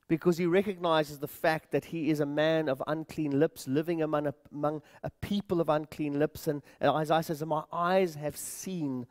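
A man preaching a sermon in a church, earnest, repeating words and addressing the congregation as friends. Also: a little high. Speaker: pastor.

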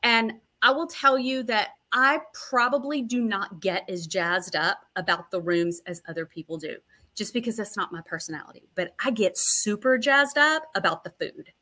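Bright-voiced, chatty middle-aged woman. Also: medium pitch, moderate pace. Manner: chatty, long-winded, self-deprecating. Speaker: interview guest, registered nurse. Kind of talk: casual interview storytelling.

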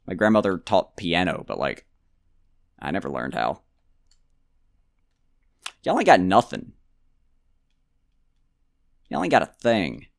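Animated low-voiced man narrating gameplay. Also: takes it slowly, vocal fry, pauses often, no room sound, studio quality. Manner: rambling, joking self-talk with mock outbursts. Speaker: let's play gamer. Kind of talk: casual gameplay commentary.

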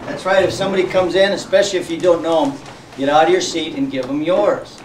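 A man's voice: a little high, fairly even intonation, quick pace, slight background noise. A man preaching a sermon as pastor, folksy and joking, often laughing. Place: church sanctuary. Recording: echoey church sanctuary, mic from far off.

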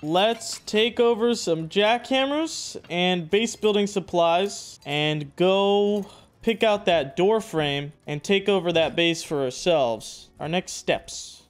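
A man's voice: high-pitched, slow, smooth. Upbeat young man narrating gameplay. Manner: upbeat, excitable, slangy. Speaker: gaming YouTuber. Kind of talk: casual gameplay commentary. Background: background music.

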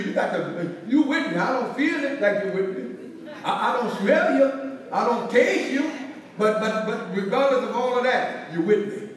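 A man's voice: very high voice, expressive, moderate pace. A man pastor teaching a Bible study, preaching in a repetitive, rising and falling cadence. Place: church hall. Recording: echoey hall, from far off.

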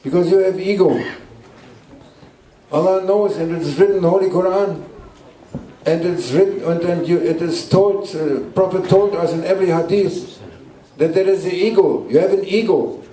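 A man, a Sufi sheikh, preaching to a gathering in halting English and repeating short emphatic phrases. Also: sits high, dark tone, a little hiss or hum. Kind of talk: sermon. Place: indoor gathering room at a guesthouse. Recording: roomy echo, distant mic.

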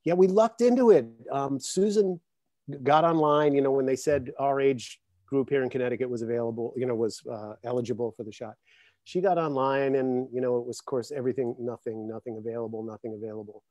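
A guest drummer chats casually over a video call from his home in Connecticut, speaking briskly in a mid-range voice. He tells stories animatedly and laughs a lot, and the recording is dry.

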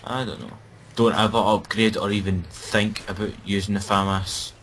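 A man's voice: fairly low pitch, steady tone, moderate pace, a bit bright, a little hiss or hum, rough recording. A Scottish man chatting casually and sarcastically while playing a game. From Scotland. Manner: joking, sarcastic banter. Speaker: gaming commentator. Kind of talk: casual gameplay chat.

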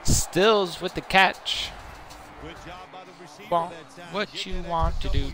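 A man streaming a football video game live, chatting casually in slang and breaking into high whoops. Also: extremely slow, pauses often, crowd noise. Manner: hyped, slangy, keeps asking "you know what I'm saying"; bursts into high whooping shouts. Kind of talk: casual live gameplay commentary.

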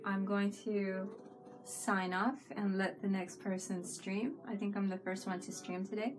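A woman's voice: medium pitch, level tone, unhurried, noisy background. A woman chatting casually on a live stream, giggling often and talking to viewers in the chat.

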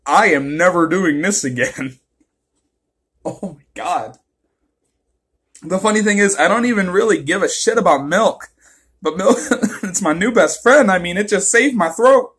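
A young man in his late teens talking casually to camera at home, blunt and quick to swear. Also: sits high, a bit bright, husky. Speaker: vlogger. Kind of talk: casual vlog talk to camera. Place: at home, near a kitchen sink.

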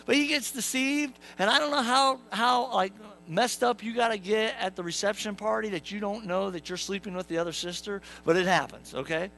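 A young adult pastor gives a humorous sermon in a church sanctuary, joking like a storyteller, acting out characters, and questioning the congregation. His voice sits high and fairly bright with vocal fry, moving fairly quickly. The recording is rough, with a little hiss or hum.

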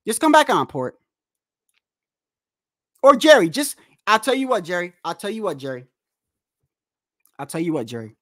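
A man's voice: sits high, moderate pace, long pauses, no room sound, studio quality. Heated, cursing man ranting on a livestream. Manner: animated, repetitive, trash-talking with frequent profanity. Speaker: boxing livestream host.

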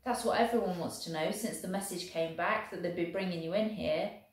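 Woman doing a gentle young soldier, soothing, earnest, echoey room. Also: on the low side, brisk, lightly acted. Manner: soft, soothing talk to a horse. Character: gentle young male soldier groom, devoted.

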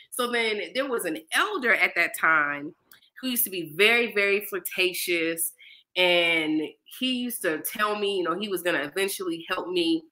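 A woman's voice: lowish voice, low-quality recording. A woman, a mother in her thirties, telling a personal story in a casual interview and acting out the voices of people she quotes. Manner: animated, acts out quoted dialogue. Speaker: interview guest.

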